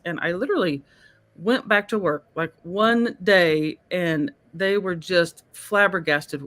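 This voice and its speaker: A woman's voice: fairly low pitch, a little slow, fairly bright tone. A woman hosting a live-streamed talk series, speaking in an effusive, emotional way and laughing often. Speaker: host. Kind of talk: casual live-stream chat.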